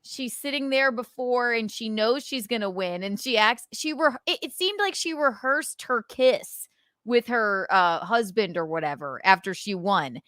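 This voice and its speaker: A woman hosting a casual live stream, animated and swearing as she acts out scenes. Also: fairly high pitch, no echo, studio quality. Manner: animated, swearing, acting out scenes with quick voices. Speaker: podcast host.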